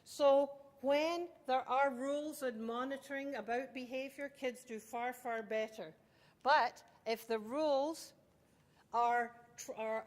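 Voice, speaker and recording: A middle-aged woman gives an intense, emphatic talk to parents in a lecture hall. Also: high voice. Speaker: child development speaker. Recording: long hall reverb.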